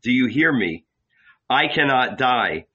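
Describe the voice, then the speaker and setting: A man's voice: mid-range voice, animated, slow, bright, forceful tone, husky, highs cut off, exaggerated voice. A man reading a solemn, anguished male teacher. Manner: solemn, intense.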